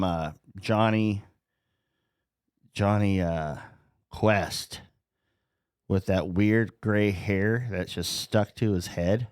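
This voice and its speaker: A man's voice: lowish voice, no echo, studio quality. A man hosting a casual podcast, joking, laughing often and swearing as he talks. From North Dakota. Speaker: podcast host.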